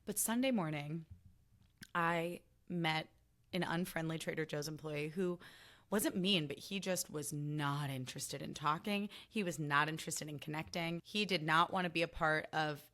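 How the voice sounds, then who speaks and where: Young woman rambling on her podcast, sassy and jokey, bright tense voice but sits lowish. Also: normal speed. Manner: animated, sassy and self-mocking, often acting out quotes. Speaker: podcast host. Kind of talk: casual solo podcast chat.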